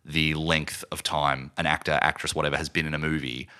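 A man co-hosting a casual film podcast, animated and swearing freely. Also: a bass voice, brisk. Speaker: podcast co-host.

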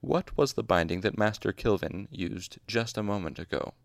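A man's voice: fairly low pitch, expressive, moderate pace, creaky, no echo, clean studio sound. A man voicing a stern-looking magic master. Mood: questioning. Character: stern dark-eyed male magic master. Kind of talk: audiobook reading with voices.

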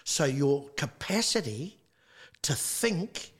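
This middle-aged New Zealander speaks with a Māori English accent in a slightly rough, a little high voice, slow but very animated. As a guest on a casual podcast chat, he tells stories and acts out the voices of the people in them.

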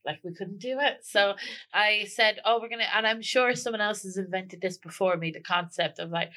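A woman's voice: medium pitch, brisk, bright, forceful tone. A woman guesting on a comedy podcast, telling rambling, self-mocking stories in casual chat and laughing often.

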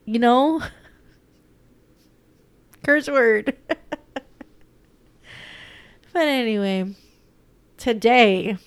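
A woman's voice: a little high, clear, resonant tone, no room sound. A young woman vlogging casually about her day, rambling with lots of fillers and holding back tears. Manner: chatty, rambling, many fillers. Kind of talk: casual personal vlog.

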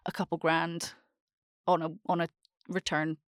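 A young woman with a soft Scottish accent chatting casually as a podcast host, rambling, candid and freely swearing. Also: on the low side, little pitch movement, measured pace, no room sound, clean studio sound. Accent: soft Scottish, Edinburgh-like. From born in Australia, raised between Scotland and Australia. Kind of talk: casual chat.

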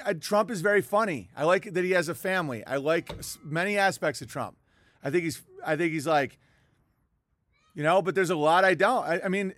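A high-pitched man rants through a political monologue in a heated, profane, mocking way. His voice sits dry and close to the mic. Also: fairly bright tone, dry recording. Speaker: political commentator.

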